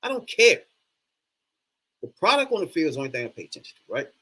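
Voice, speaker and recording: Animated man ranting with a bright voice. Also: on the high side, fast, slightly rough. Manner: animated, profane, exasperated ranting. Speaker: sports fan vlogger. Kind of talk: casual ranting monologue.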